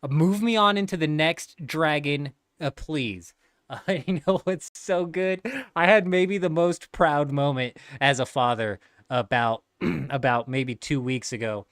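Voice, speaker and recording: A man's voice: fairly high pitch, measured pace, a bit bright, smooth, dry recording, studio quality. A man in his thirties chatting casually on a gaming livestream, laid-back and rambling, swearing freely.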